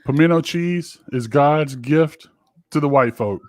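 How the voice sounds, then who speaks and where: A man's voice: on the high side, measured pace, dry recording, clean studio sound. A man co-hosting a podcast, telling a story in a rambling, profane way with lots of fillers. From Georgia, US. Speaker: podcast co-host. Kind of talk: casual chat.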